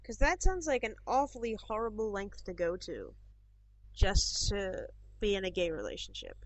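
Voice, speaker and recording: A chatty woman co-hosting a podcast, talking loosely and rambling from one thought to the next. Her voice sits at a middling pitch. The recording sounds dull and lo-fi. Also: very animated, moderate pace. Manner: chatty, rambling, with many fillers. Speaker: podcast co-host. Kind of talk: casual chat.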